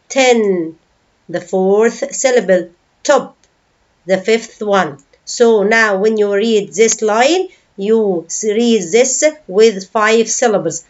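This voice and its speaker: Slow, patient woman teaching English. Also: mid-range voice, dull audio. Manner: patient, explains words and asks the class questions; breaks words into syllables slowly. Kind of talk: online English lesson.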